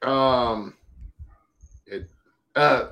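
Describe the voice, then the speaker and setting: Sarcastic mid-pitched podcast guy. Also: drawn-out words, sharp tone. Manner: mock-outraged, sarcastic, blunt swearing. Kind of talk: casual profane chat.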